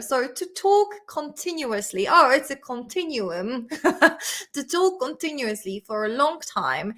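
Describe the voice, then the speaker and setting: A woman's voice: high-pitched, very animated, unhurried, a bit bright. Giggly chatty woman teaching English. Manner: chatty, giggly, laughs often. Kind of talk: casual live-stream vocabulary lesson. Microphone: desk camera mic on a makeshift stand.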